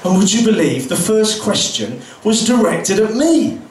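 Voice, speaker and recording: A man doing a deadpan stand-up comedy set with crude punchlines at a pub comedy night. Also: high voice, a little slow. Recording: roomy, distant pub recording with background noise.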